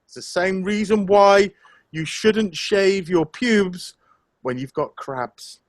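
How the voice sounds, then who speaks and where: A man's voice: high-pitched, slow pace, no echo. Crude, jokey man in dry sound. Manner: crude, jokey, goes off on tangents. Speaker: podcast co-host. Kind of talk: casual chat.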